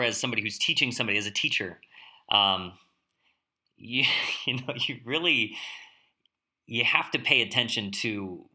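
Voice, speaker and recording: Male podcast host, conversational and reflective, very bright-toned voice. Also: on the low side. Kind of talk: casual podcast interview and outro.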